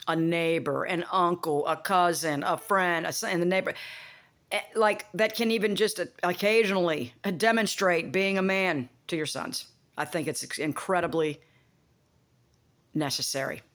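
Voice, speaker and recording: A woman's voice: on the low side, normal speed, a bit bright. A woman talking in a casual, rambling monologue, blunt and profane, often making buzzing sound effects. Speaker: vlogger.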